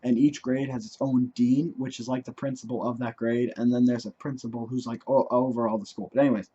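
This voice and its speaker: A man's voice: mid-range voice, little pitch movement, fairly quick, dark tone, breathy edge, highs cut off. A teenage boy telling a story from his life in a rambling way, full of fillers. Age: teens. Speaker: vlogger. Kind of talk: casual storytelling.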